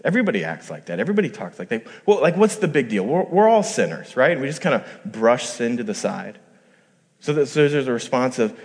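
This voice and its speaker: A male pastor giving a conversational sermon, acting out quoted voices and rising to emphatic peaks. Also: medium pitch. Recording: long hall reverb.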